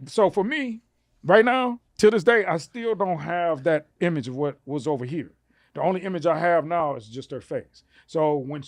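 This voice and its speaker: A man's voice: no echo, clean studio sound. A man telling a long personal story on a comedy podcast, acting out the lines of the people in it. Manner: animated, acts out quotes with rising pitch. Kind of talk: casual storytelling.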